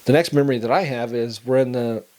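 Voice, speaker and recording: Casual male storyteller, young adult, mid-range pitch, conversational with laughs, low and quiet when somber. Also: fast.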